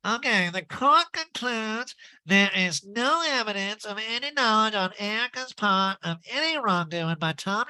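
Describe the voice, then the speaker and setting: A man's voice: sits high, pushed and bright, voice pushed up, full character voice, low-quality recording. A man doing a mocking impression of a cold, self-serving woman, with a stuffed-up nasal voice.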